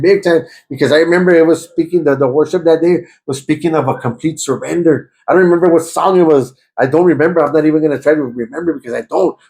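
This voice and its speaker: A man telling his conversion testimony in a conversation, repeating himself and stammering, and turning loud and fervent as he relives praying, with Spanish words slipping in. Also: a little high, vocal fry. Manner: grows loud and fervent when reliving prayer. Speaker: guest giving a testimony.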